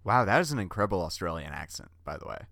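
A man's voice: low-pitched, very animated, racing, vocal fry, a bit bright, no echo, clean studio sound. A man co-hosting a comedy podcast, making grand, doom-laden pronouncements with mock seriousness. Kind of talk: deadpan comedy banter.

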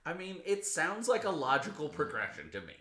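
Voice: medium pitch, huge pitch swings, fairly quick, a bit bright, echoey room. A podcast co-host adding wry, joking asides during a casual movie recap.

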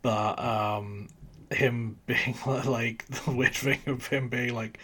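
A man's voice: mid-range voice, fairly even intonation, slow pace, pushed and bright, slightly rough. A man co-hosting a casual film podcast, rambling with frequent giggles. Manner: giggly, rambling, laughs between remarks. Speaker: podcast co-host reviewing films. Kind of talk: casual chat.

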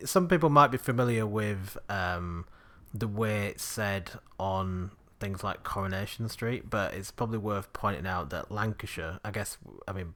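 A man's voice: fairly low pitch, fairly bright tone. A man with a Yorkshire accent hosting a casual, enthusiastic chat and laughing often. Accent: Yorkshire English. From Yorkshire, England. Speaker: podcast host.

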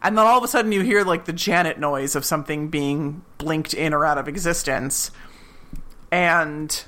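A woman's voice: sits low, normal speed. A woman co-hosting a podcast, animatedly recapping a TV episode and acting out the characters. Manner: animated, acts out quoted characters. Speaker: podcast co-host.

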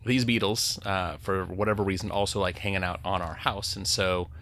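A man's voice: sits low, steady tone, normal speed, a bit bright. A man co-hosting a podcast, casually steering the chat with questions. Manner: easygoing, steers the talk with questions. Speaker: podcast co-host.

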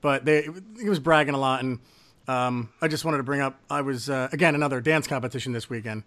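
A man's voice: medium pitch, fairly even intonation, quick pace, a bit bright. A middle-aged man co-hosting a podcast, chatting casually and telling rambling, self-deprecating anecdotes. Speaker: podcast co-host. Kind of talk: casual sports chat.

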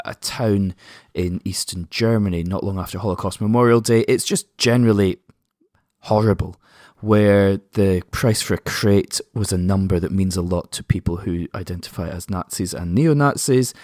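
A man with a fairly low voice talks casually as a podcast co-host. He is wry and opinionated, and the sound is close and dry. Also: darkish tone, no room sound.

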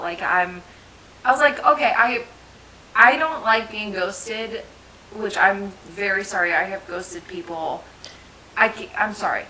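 A woman's voice: medium pitch, measured pace, sharp tone, a little hiss or hum, low-quality recording. A woman in her thirties from New Jersey, chatting and telling stories on a podcast, laughing often. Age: 30s. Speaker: podcast co-host. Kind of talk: casual chat.

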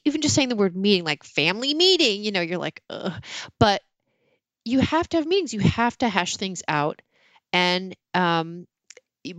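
A woman's voice: mid-range voice, dry recording. Middle-aged woman, candid author guest, self-mocking storyteller, mid-range voice, dry close sound. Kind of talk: casual interview chat.

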